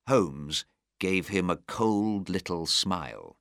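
A man narrating a simplified story, reading slowly, clearly and expressively. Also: low voice, very animated, bright, forceful tone, dry recording, studio quality. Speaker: audiobook narrator.

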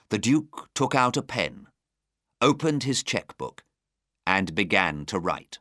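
A man narrating a simplified story, reading slowly, clearly and expressively. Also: sits low, lively intonation, sharp tone, no room sound, clean studio sound. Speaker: audiobook narrator.

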